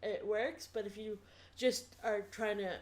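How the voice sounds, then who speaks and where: A woman's voice: mid-range voice, steady tone, unhurried. A woman with a mid-range voice co-hosts a casual podcast. She lays out her opinions firmly and plainly. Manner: firm, explaining her opinion. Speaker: podcast co-host. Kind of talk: casual chat.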